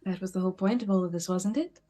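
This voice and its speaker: A woman of middle pitch plays a tabletop game in a casual, teasing manner. She speaks at an ordinary pace and keeps the tone light and joking. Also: fast, warm tone, faint music behind. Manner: playful, joking. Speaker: player.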